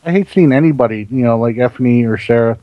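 A Southern American man hosts a casual gaming podcast over a call and reads questions from the chat. He stammers and restarts his sentences and laughs quickly. His voice sits at a middling pitch. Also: highs cut off.

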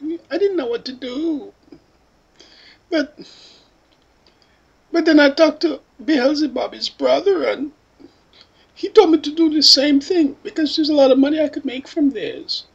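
A high, babyish, whimpering voice swoops up and down as a foul-mouthed witness addresses lawmakers, put on by a woman. The speech wobbles between teary whining and crude threats, all in a mocking parody tone. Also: animated, a little slow, creaky, long pauses, muffled recording, exaggerated voice. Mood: whiny, rambling. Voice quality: put-on baby voice.

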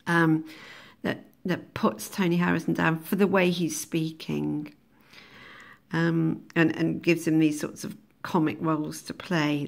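A woman's voice: fairly low pitch, creaky. A woman, teaching a recorded lesson on a poem, thinking aloud with many ums and laughing at her own jokes. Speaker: English teacher.

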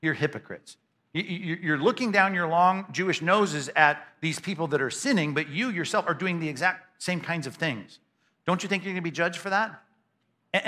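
A man preaching a sermon as pastor to a congregation in a church, emphatic and conversational, often repeating words in quick bursts. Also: fairly high pitch, pushed and bright. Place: church sanctuary before a congregation.

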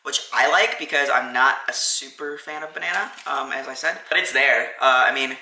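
Sitting in a restaurant, a man reviews a sandwich for his casual food vlog, enthusiastic and chatty with plenty of fillers. His medium-pitched voice is pushed and bright at a moderate pace, recorded on a phone camera without a tripod, giving echoey, low-quality sound.

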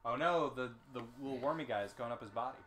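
A man's voice: medium pitch, quick pace, a crowd in the background. A man co-hosting a let's play, making dry, wry comments while his friend plays. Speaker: let's play co-host, watching. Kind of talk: casual gameplay chat.

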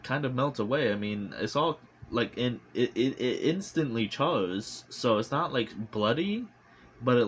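A man reviewing a movie in a casual vlog, rambling and animated, full of fillers and swearing, recorded on a phone. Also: medium pitch, slight background noise.

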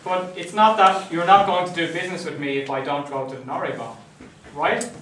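Male lecturer, conversational, slightly high-pitched, recorded from afar in a roomy classroom with faint hiss. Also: a little fast. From Ireland. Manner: conversational, checks in with "right?" often. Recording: echoey classroom, mic at a distance.

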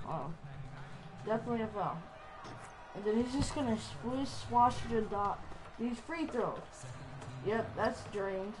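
Woman gamer commentating her game, kinda high voice, hyped and trash-talky, noisy background. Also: a little slow, pauses often. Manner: excitable trash-talking, playful. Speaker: gaming channel host. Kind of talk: live gameplay commentary.

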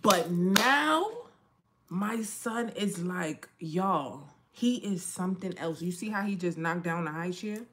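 A woman's voice: fairly low pitch, expressive, slow pace, a bit bright. A young woman chatting casually to viewers at home as a makeup vlogger and mom, frank and slangy, laughing often. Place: home with children nearby.

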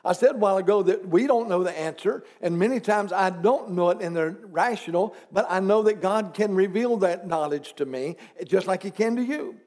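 A man's voice: high voice, normal speed, hardly any pauses, a little mellow. A man pastor preaching a conversational sermon in church, asking the congregation rhetorical questions and dropping teasing asides.

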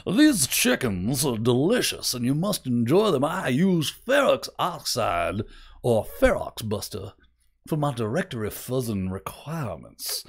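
A man voicing a genteel old Southern gentleman with a Southern US accent, speaking in a slow, courtly drawl. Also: mid-range voice, big pitch swings, gravelly, full character voice.

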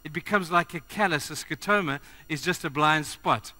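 A man preaching to a congregation in a bright, forceful, fairly high voice. He talks straight to his listeners and swings between loud urgency and hushed earnestness. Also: normal speed. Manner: animated, shifts from loud urgency to quiet earnestness; addresses the congregation directly. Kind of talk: sermon.

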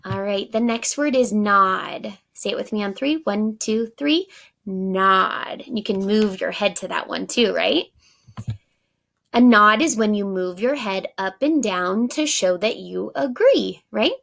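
Woman teacher for a children's vocabulary lesson; unhurried, encouraging delivery with a gravelly edge. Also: medium pitch, a bit bright. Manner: slow, clear, encouraging, counts along with the child.

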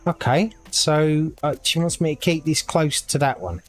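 A man's voice: on the high side, normal speed, faint music behind. A man casually commenting on a game as he plays, thinking aloud and reading the on-screen text. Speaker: gaming video creator. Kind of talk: casual let's-play commentary.

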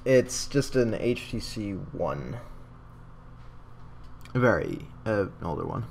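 A man's voice: fairly low pitch, expressive, takes it slowly, gravelly, darkish tone, a little hiss or hum. A young man casually chatting and joking while playing a video game on a livestream. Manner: joking, laughs often. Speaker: let's play co-host.

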